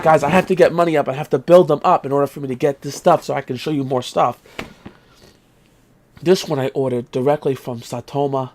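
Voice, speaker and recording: A man's voice: a little high, a little hiss or hum. A man hosting his retro gaming vlog, ranting in exasperation, swearing casually and coughing now and then. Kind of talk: casual vlog rant and show-and-tell.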